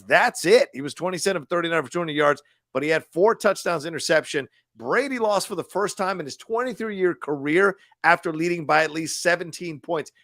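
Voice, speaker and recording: A man co-hosting a sports podcast, talking about football in an animated, profane way and laughing often. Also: on the high side, no echo, clean studio sound. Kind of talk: casual sports talk.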